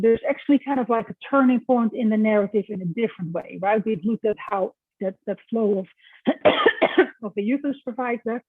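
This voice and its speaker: A woman's voice: mid-range voice, slightly rough, dry recording. Woman lecturer, chatty and informal, dry tinny recording. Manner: conversational, with restarts and "right?" checks.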